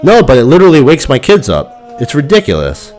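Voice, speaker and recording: A man's voice: fairly high pitch, fairly quick, background noise. A man hosting a crypto stream, telling stories in a casual, rambling and profane way, ranting and sounding exasperated. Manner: profane, animated storytelling.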